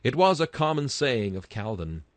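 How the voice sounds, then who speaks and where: A man's voice: medium pitch, big pitch swings, moderate pace, dry recording. A man reading a Victorian sermon aloud in an emphatic style that rises to bursts of fervor. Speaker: sermon reader.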